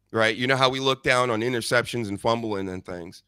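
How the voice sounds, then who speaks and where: A man hosting a podcast, ranting in an animated, sarcastic, profane way. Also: medium pitch, fairly quick, few pauses, clean tone, no echo, studio quality. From United States. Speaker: podcast host. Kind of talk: casual ranting chat.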